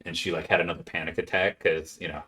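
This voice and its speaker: A man rambling through stories in casual chat, laughing loudly and putting on voices for the people he quotes. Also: sits low, level tone, quick pace.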